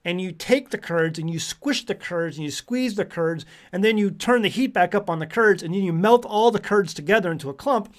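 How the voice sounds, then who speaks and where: A middle-aged man from the United States hosting a casual livestream, chatty and rambling as he reads out where viewers are tuning in from. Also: high-pitched. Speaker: livestream host.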